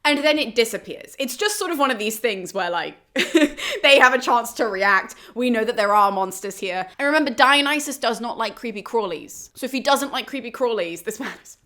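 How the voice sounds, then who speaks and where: A woman hosting a casual summary of an ancient play, chatty and animated and laughing often. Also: a little high, normal speed. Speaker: host of a classics explainer channel.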